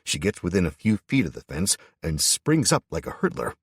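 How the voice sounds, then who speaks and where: A man's voice: deep voice, very animated, normal speed, husky, no echo, clean studio sound. A man narrating a first-person audiobook in a tense, wry manner.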